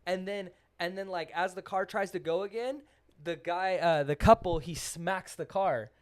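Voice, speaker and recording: A young man hosting a podcast, telling a story in a casual, animated way full of "like" and acted-out voices. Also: high-pitched, normal speed. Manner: animated, full of "like", acts out voices in his stories. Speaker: podcast host.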